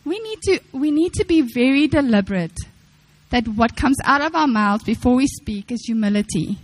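Young woman preacher, high-pitched, earnest and repetitive, acts out quotes mid-sermon. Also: animated, moderate pace, poor audio. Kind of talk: sermon to women.

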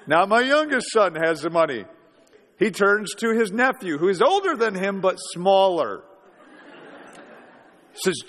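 A man's voice: high-pitched, very animated, measured pace, long pauses, a bit bright. A man in his forties preaching a sermon, telling a story in a conversational way and asking rhetorical questions. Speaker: pastor. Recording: reverberant hall.

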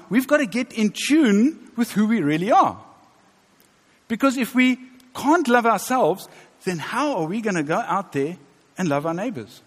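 A man in his fifties preaching a sermon in a church, conversational and joking with the congregation. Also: high-pitched. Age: 50s. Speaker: pastor. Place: church hall. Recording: reverberant church hall.

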